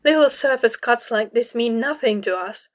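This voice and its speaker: A woman's voice: fairly high pitch, normal speed, close to an everyday voice. A woman voicing a proud, prickly young female warrior who talks in a clipped, exasperated way, as in an audiobook reading. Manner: clipped, exasperated, through clenched teeth. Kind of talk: audiobook reading of fan fiction.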